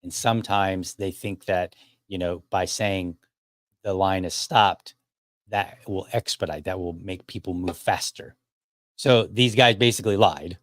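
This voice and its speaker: A man's voice: sits low, unhurried, no echo, studio quality. A man hosting a podcast, telling a story in a casual monologue, often restarting his sentences and acting out the dialogue. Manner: animated retelling, acts out quoted dialogue; frequent restarts and repeated words. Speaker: podcast host.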